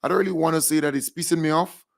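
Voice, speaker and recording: A man's voice: a little high, fairly even intonation, very fast, gravelly. Chatty man co-hosting a live show. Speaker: co-host. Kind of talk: casual live chat.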